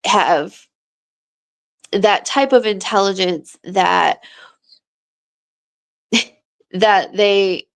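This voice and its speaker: A middle-aged woman co-hosting a stream in relaxed conversation. Her voice carries a strong gravelly fry at a middle pitch. She tells stories emphatically and laughs often. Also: extremely slow, long pauses. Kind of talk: casual chat.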